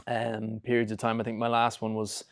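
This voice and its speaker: A man's voice: fairly low pitch, completely flat delivery, moderate pace. A man, chatting casually as a podcast guest, rambling with fillers and swearing freely. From Ireland. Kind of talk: casual chat.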